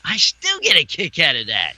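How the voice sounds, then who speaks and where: Rambling man, bright lively voice. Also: on the high side, normal speed, no room sound. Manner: rambling, repeats "yeah" and "right". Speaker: podcast host. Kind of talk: casual chat.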